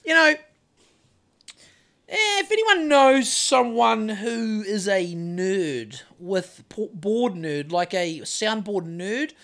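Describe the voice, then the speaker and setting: A woman's voice: medium pitch, expressive, slow pace, a bit bright. A woman co-hosting a casual chat podcast from a couch, rambling and swearing, restarting sentences, close to a phone mic. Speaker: podcast co-host. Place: living room couch. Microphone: phone held close to her.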